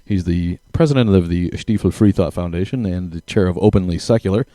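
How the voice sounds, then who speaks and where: A man's voice: low-pitched, brisk, warm tone, no room sound, studio quality. A man hosting a live podcast, upbeat as he introduces his guest and reads out a bio. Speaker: podcast host. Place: small room in a downtown venue.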